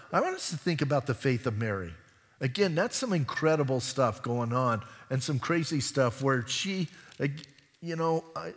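A male pastor preaches a sermon in a church, his voice sitting a bit high for a man. He keeps it chatty and animated and slips into voices for the people he talks about. The sound rings with a long hall echo. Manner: lively, conversational preaching that acts out voices. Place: church sanctuary.

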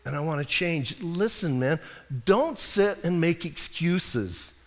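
A middle-aged male pastor preaching in a loose, joking way, his voice high and swinging widely in pitch. He admits his own faults freely. The sound has a long reverberant tail from a church hall. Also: expressive, slow pace, fairly bright tone. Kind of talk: conversational sermon.

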